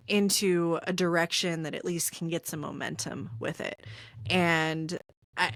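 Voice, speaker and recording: A woman's voice: lowish voice, no echo, studio quality. A woman in her thirties hosting a podcast, talking in a reflective, conversational way and acting out her inner voices as she tells stories. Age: 30s. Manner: reflective, animated storytelling with quoted inner voices. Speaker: podcast host.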